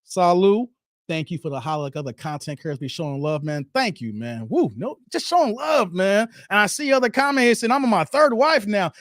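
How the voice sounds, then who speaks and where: A man in his forties hosting a live reaction stream, animated and laughing, shouting out viewers by name. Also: high-pitched, a little fast. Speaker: livestream host.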